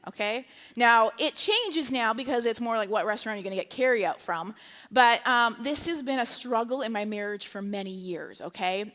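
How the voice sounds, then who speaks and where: A woman preaching in a light, conversational style, often checking in with her listeners. Her voice sits high. The sound rings with long reverb, as in a large hall. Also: fairly bright tone. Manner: chatty and humorous, tags lines with "okay?" and "right?". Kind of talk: conversational sermon. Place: church sanctuary, live service.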